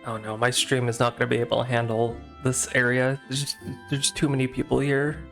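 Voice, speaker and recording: A man's voice: mid-range voice, flat delivery, brisk, gravelly, fairly bright tone, faint music behind. Rambling, self-mocking male game streamer. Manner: casual, rambling and self-mocking, often unsure. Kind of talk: live-stream gameplay commentary.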